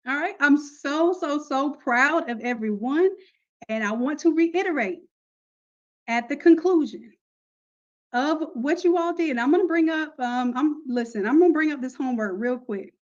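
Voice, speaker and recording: A woman's voice: high-pitched, dull audio. A woman running a casual, upbeat live online class, talking to her students in a chatty, slangy way. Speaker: online course instructor.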